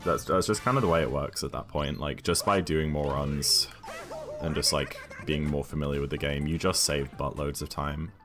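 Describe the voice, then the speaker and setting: A man's voice: very deep voice, steady tone, moderate pace, music in the background. A British man streaming a video game, chatting casually and thinking aloud while answering viewers' questions. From United Kingdom.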